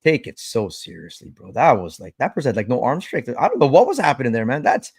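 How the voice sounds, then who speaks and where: Podcast host guy, gets riled up fast, swears a lot, says bro every line, dry close mic. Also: mid-range voice, huge pitch swings, a little mellow, husky, no echo. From Canada. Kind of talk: casual chat.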